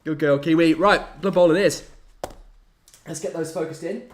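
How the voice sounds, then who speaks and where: A young man chatting casually on a live stream, animated and playfully dramatic. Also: fairly high pitch, moderate pace. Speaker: hobby streamer.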